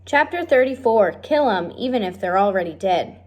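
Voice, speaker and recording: A woman reading a children's novel aloud, speaking directly and warmly to her listeners. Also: medium pitch, expressive, normal speed. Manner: friendly, direct address to listeners. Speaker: reader of a children's book. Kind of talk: read-aloud storytelling.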